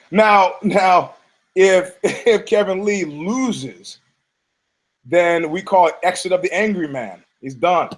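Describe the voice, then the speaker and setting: A man's voice: on the high side, a little slow, rough recording. A man from Detroit hosting a podcast, riffing in a rambling, profane way with laughing asides and frequent restarts. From Detroit, United States. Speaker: podcast host. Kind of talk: rambling casual commentary.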